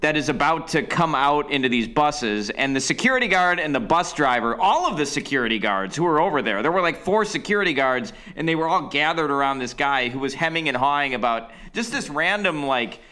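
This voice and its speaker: A man chatting casually, adding details to a shared story in a relaxed way. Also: on the high side, fairly quick, hardly any pauses. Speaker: podcast co-host. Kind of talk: casual chat.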